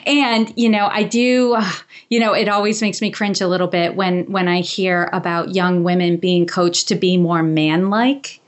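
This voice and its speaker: A woman's voice: on the low side, steady tone, moderate pace. A woman hosting an interview, affirming her guest in a casual chat style with plenty of fillers. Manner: warm and affirming, with frequent fillers. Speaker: podcast host.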